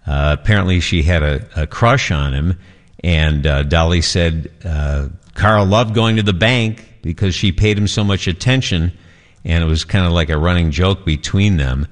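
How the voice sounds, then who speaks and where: A male morning news anchor with a very low voice. He chats loosely through the segment, sprinkling in fillers as he hands off to a correspondent. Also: moderate pace. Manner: chatty, with frequent fillers.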